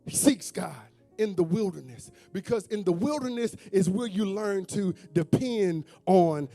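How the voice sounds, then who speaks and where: A man's voice: high-pitched, expressive, a little slow, dark tone. A male pastor preaching a sermon, calling out to the congregation and breaking into sung, whooping phrases. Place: church sanctuary with congregation. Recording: faint instrument music behind.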